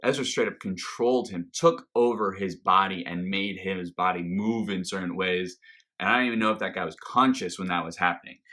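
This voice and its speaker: Excitable male video reviewer, low voice with a bright edge, rambling. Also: brisk. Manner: enthusiastic, rambling with fillers and restarts. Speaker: reaction video host. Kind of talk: casual review monologue.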